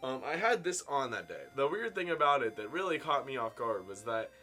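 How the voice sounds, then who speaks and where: A man in his twenties tells a casual story-time tale to his viewers, with big swings in loudness and pitch. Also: big pitch swings, fairly quick, faint music behind. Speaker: vlogger telling a story. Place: indoor room at home.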